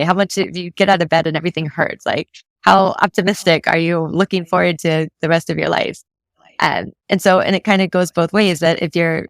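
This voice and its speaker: Low-voiced woman fitness coach explaining. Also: gravelly, no echo. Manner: easygoing, explains step by step with frequent "right?". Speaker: mental fitness coach, guest. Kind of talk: casual interview explanation.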